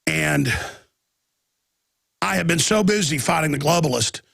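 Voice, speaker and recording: A man's voice: on the high side, animated, unhurried, creaky, fairly bright tone, dry recording, clean studio sound. A man hosting a talk radio show, rambling and agitated with many restarts, talking through a chest cold with coughing.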